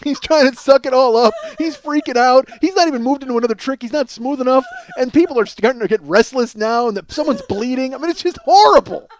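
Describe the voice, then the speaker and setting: A man's voice: very high voice, fast talker, hardly any pauses. A man telling a comic story on a podcast, swearing freely and laughing through it. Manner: profane, laughs through his own story. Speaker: comedian host. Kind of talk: comedic storytelling monologue.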